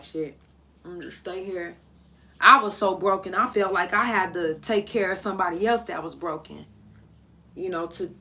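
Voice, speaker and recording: A woman's voice: on the low side, sharp tone. A woman podcast host telling a personal story in a candid, blunt, emotional way.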